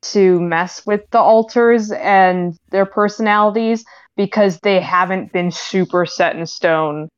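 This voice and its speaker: A woman's voice: mid-range voice, a little slow, clean tone, highs cut off. A woman chatting casually on a podcast panel, giggly and full of fillers. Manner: giggly, lots of fillers and laughs. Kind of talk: casual chat.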